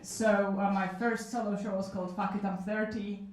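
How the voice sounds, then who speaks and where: A woman's voice: medium pitch, little pitch movement, a little fast. Woman in her 30s, live comic storytelling, candid and chatty, distant mic in a roomy cafe. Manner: self-mocking, frank, chatty with asides. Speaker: solo show performer telling stories. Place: small cafe event room. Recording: echoey room from a distance.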